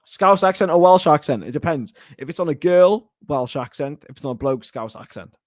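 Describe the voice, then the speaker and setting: A young man hosting a casual live stream, chatting and joking as he answers viewer comments in quick bursts. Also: fairly high pitch, animated, no room sound, studio quality. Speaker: host of a fan channel.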